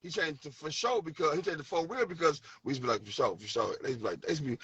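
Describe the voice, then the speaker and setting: Animated St. Louis man, husky voice. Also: a little high, racing, recorded from a distance, lo-fi sound. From St. Louis, USA. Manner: animated storytelling, acts out quotes, many restarts. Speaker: debater recalling music history. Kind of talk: casual debate.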